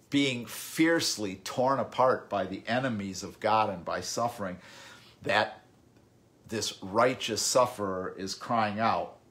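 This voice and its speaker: Man preaching an emphatic sermon. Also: on the low side. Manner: emphatic, swings between loud bursts and quiet stretches, repeats words as he thinks; reads scripture aloud slowly and deliberately. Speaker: pastor.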